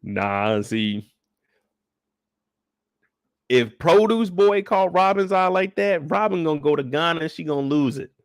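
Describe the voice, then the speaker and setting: A man hosting a casual live show recap, telling it in a profane, animated way. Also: fairly high pitch, a little slow, pauses often, dry recording, clean studio sound.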